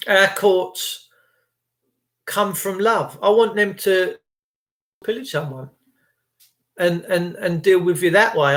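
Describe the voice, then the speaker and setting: A man's voice: high-pitched, a bit bright. A man giving an impassioned, rambling motivational monologue to camera. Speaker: vlogger.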